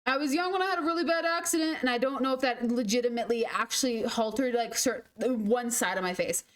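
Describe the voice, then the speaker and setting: High-voiced young woman telling rambling stories. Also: fast talker. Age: 20s. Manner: rambling, self-deprecating, mimics others in quotes. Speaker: game streamer. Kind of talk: casual storytelling chat.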